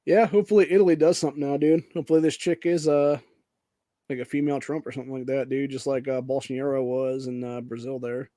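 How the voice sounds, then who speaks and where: A man's voice: medium pitch, level tone, quick pace, warm tone, no room sound. A man hosting a casual political show, ranting angrily with heavy profanity and calling everyone "dude". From Ohio, USA. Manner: profane, angry, says "dude" often. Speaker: podcast host.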